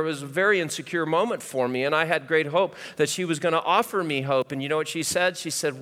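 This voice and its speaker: A middle-aged male pastor preaching a sermon, telling personal stories that swing from loud to hushed. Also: a little high, fast talker, hardly any pauses. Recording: hall reverb.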